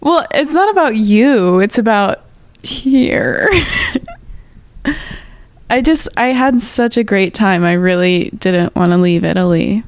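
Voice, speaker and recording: A woman's voice: medium pitch, takes it slowly, dry recording. A woman in her early twenties chatting casually, answering in short, laid-back, dry remarks. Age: early 20s. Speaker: co-host sister. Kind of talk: casual chat.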